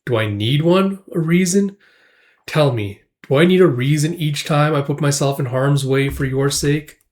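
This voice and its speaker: A man voicing a composed young commander who speaks in a calm, measured way. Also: on the high side, close to an everyday voice.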